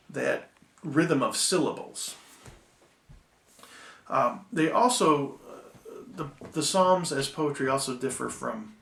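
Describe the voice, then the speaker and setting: A man giving a recorded Bible-school lecture, measured and full of ums and restarts, slowing down to read poems aloud. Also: medium pitch, creaky, a bit bright, echoey room.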